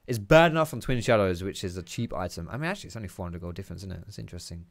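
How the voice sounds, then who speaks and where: A young man talks through a match in a fairly low voice, rambling and cursing freely as he plays. He breaks into teasing jabs at opponents. The sound is dry and close, with no room around it. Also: expressive, racing, vocal fry, no echo. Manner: chatty, sweary, teasing asides. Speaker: gameplay commentator. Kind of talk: casual gameplay commentary.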